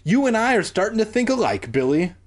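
A man doing a bratty young girl who whines in a high, squeaky voice. Her pitch leaps around wildly. A slight huskiness sits under the put-on brightness of this storybook role. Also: sing-song, a little fast. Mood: excited. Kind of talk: comedic audiobook reading.

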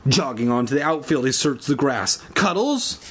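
A man's voice: medium pitch, brisk, slightly rough. A man reading a children's book aloud for comedy, stumbling over words and adding crude asides. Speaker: reader.

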